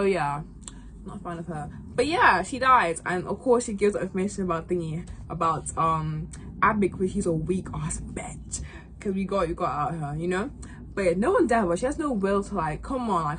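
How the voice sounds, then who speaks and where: A young woman chats casually about a game, rambling with constant fillers. Her voice sits a little low. A faint hiss runs under the recording. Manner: rambling, full of fillers and acted quotes. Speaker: gaming vlogger recapping a game. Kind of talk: casual chat.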